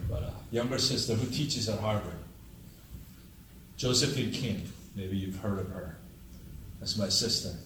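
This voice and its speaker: A man preaching a storytelling sermon, switching into animated voices for each exchange. His voice is middle in pitch and reaches the mic from across a room. The room rings with echo over a faint hum of ambience. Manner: animated, acts out dialogue with big pitch jumps. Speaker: pastor. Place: church sanctuary, heard from afar. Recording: echoey room, distant mic.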